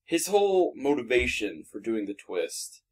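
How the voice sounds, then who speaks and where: A man's voice: medium pitch, big pitch swings, a little slow. A young man co-hosting a podcast, bluntly and profanely tearing apart a film in casual chat. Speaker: podcast co-host. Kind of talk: casual movie review chat.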